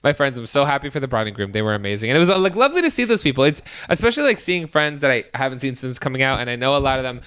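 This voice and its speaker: A young man in his twenties co-hosting a podcast, telling stories in a casual chat and acting out quotes in high squeals. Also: very fast, few pauses, clear, resonant tone. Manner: animated storyteller, acts out quotes with high squeals. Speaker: podcast co-host.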